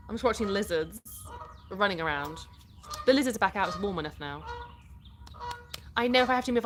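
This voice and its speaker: This livestream host is a middle-aged British woman from the UK with a mid-range voice. She chats casually, reading viewer comments aloud, answering them, and laughing a lot.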